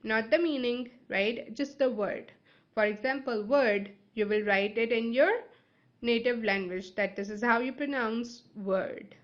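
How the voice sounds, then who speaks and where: A woman's voice: a little high, measured pace. Woman teacher, English not her first language, patient step-by-step explainer who keeps checking in with listeners; slightly muffled audio. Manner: explanatory, checks in with frequent "right?" and "okay?". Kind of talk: instructional video lesson.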